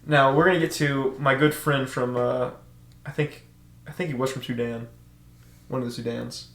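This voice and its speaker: A young man on a podcast telling stories in casual chat, animated and laughing often, acting out shouted orders. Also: mid-range voice, normal speed. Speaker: podcast co-host. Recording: echoey room.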